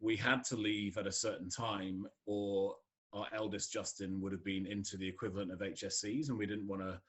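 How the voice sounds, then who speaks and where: A man's voice: fairly low pitch, level tone, brisk, a bit bright. A middle-aged man from Scotland with a neutral English accent, chatting as a podcast guest, laughing often and using many fillers. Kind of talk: casual conversation.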